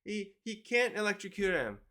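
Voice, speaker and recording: Man, manga reviewer, casual rambling, self-correcting, bright tense tone, fairly high voice. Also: moderate pace. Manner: rambling, self-correcting, reads panels aloud.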